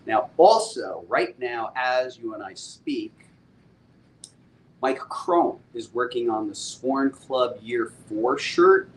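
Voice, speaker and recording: A middle-aged man, a comic book publisher, chatting casually and excitedly with viewers on a live stream, using laid-back slang. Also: mid-range voice, slow, slight background noise, poor audio.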